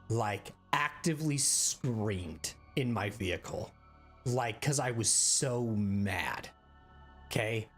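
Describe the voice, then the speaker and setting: Dude ranting to his stream chat, swears a ton, rambles, animated, some quiet music behind him. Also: medium pitch. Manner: profane, rambling, animated storytelling. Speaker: game streamer.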